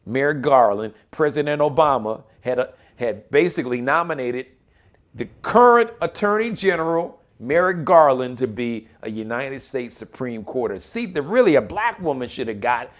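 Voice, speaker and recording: Animated, indignant male talk host. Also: mid-range voice, normal speed. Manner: animated, indignant, slangy, mocks politicians in quoted voices. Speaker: host of a live political talk show. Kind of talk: impassioned political commentary.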